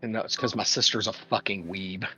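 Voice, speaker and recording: A man's voice: lowish voice, steady tone, a little fast, pushed and bright, soft background music. A man co-hosting a casual gaming podcast, bantering and laughing a lot. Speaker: podcast co-host.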